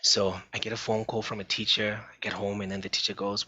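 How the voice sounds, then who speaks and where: Deep-voiced, bright, husky man presenting. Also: level tone, rapid-fire, highs cut off. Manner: earnest, repetitive, addresses listeners as folks. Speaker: psychologist giving a parenting talk. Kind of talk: informal presentation.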